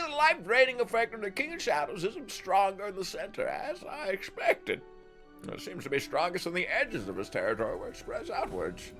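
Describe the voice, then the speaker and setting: A man's voice: pushed and bright, exaggerated voice. A man voicing a chatty, eccentric old male sage who lectures in a lifted, theatrical voice. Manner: lecturing, high-pitched and theatrical. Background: faint game music.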